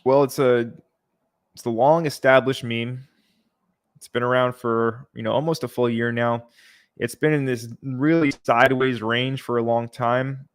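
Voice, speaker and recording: A man hosts a casual livestream and talks over viewer comments at an easy pace, with fillers and small sighs. His pitch stays low-key and flat and barely moves. He sounds close to his microphone. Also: measured pace. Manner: relaxed, chatty, reads out viewer comments. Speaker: livestream host.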